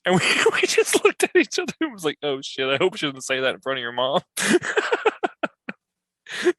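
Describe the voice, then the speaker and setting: A man's voice: fairly high pitch, wildly swooping pitch, normal speed, a bit bright, dry recording. A man chatting on a podcast, joking and laughing often. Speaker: podcast co-host. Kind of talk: casual chat.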